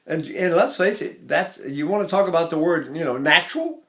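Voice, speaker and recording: An older man teaching singing technique, talking in an animated way with chuckling asides. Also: a little high, moderate pace. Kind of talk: singing lesson lecture.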